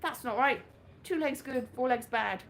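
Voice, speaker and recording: Slight background noise and live-room echo surround a Welsh woman doing stand-up with slides at a small venue. She rambles chattily and mocks herself in a high-sitting voice at a moderate pace.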